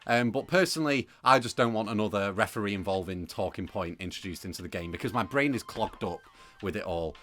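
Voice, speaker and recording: A man's voice: lowish voice, a little fast, a bit bright. A young man presenting a football opinion piece to camera, talking casually with plenty of fillers. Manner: conversational, opinionated, with frequent fillers.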